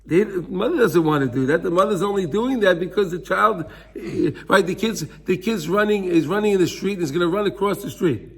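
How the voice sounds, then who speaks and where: This man's voice sits high and sounds husky, and he talks a little fast. Leading a Torah class, he earnestly works through the texts, slipping Hebrew words in and performing small scenes with voices.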